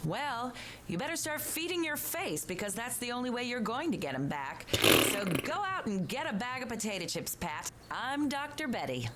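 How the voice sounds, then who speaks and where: A woman's voice: fairly high pitch, sing-song, moderate pace, background noise. An actress playing a blunt, mocking female radio advice doctor in a game, heard through game audio. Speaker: radio advice show host.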